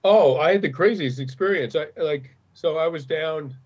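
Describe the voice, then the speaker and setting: Middle-aged man, husky, earnest storyteller who stumbles and restarts as he talks. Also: a little high, moderate pace, darkish tone. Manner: earnest, restarts often when moved. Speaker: guest. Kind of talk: conversational storytelling.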